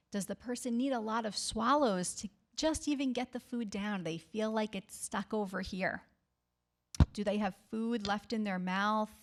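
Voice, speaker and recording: A woman speech therapist giving a health talk to the public, reassuring and often checking in with "okay?". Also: mid-range voice. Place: library talk.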